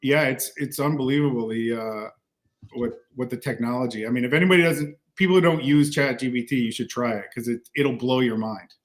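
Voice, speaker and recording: A man on a casual talk panel, thinking out loud about big ideas in a middle-pitched, ordinary voice. He stumbles and restarts as he goes, and slips little laughs in mid-sentence. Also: fairly quick.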